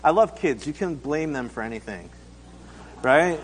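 A man with a high voice gives a relaxed, conversational sermon, acting out little scenes and asking his listeners questions. His voice rings with the long reverb of a large hall. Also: a little slow, slightly rough. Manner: casual, acts out quotes, asks the congregation questions. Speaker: pastor.

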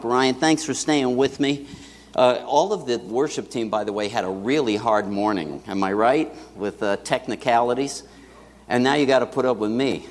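Animated male preacher in a reverberant church. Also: mid-range voice. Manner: conversational preaching with asides to the congregation. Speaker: pastor. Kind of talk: sermon. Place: church sanctuary.

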